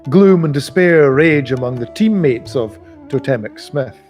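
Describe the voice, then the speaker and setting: A man reading a novel aloud in a live reading, expressive and giving the characters voices. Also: medium pitch, unhurried, soft background music. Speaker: audiobook reader.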